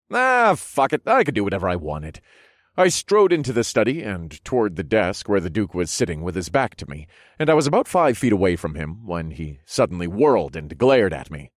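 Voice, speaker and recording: A man with a very low voice reading a first-person fantasy audiobook. His delivery is expressive and wry, with a wide, lively pitch range. The recording is close and dry. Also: no room sound. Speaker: audiobook narrator.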